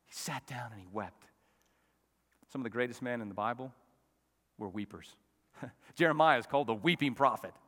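A male pastor preaching a sermon, swinging from loud, emphatic peaks down to soft, quiet asides. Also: mid-range voice, normal speed, long pauses. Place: church sanctuary. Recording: long reverb of a church hall.

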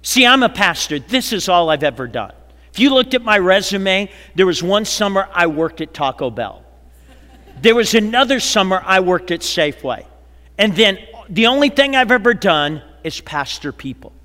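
A man pastor preaching a sermon, slowing and dropping to a hush for emphasis and acting out the people he quotes. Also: high voice. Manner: dramatic preaching, slows and drops to a hush for emphasis; acts out quoted people in a lively voice. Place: large church auditorium. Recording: long hall reverb, church sanctuary.

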